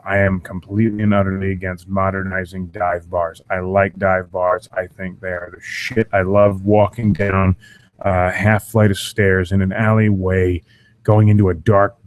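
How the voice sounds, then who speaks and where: Fairly low young male host, losing his voice, blunt and profane, ranting casually from home. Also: poor audio. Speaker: show host. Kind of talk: profane casual rant to a live audience.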